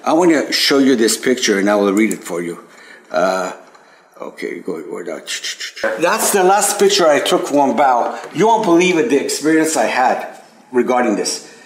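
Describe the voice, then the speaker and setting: A man sharing personal memories with a group at a spiritual center, hesitant, with many restarts, rising high and animated when amazed. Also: moderate pace, slight background noise. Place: meeting room at a spiritual center. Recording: echoey room recording.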